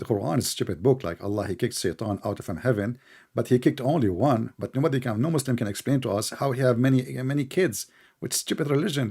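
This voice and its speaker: A man with a non-native accent debating heatedly, mocking his opponent and interrupting, then slowing down to make his point. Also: medium pitch, vocal fry, dark tone, husky. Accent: non-native English. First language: not English. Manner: mocking, interrupting, slows down to explain. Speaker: Christian debater.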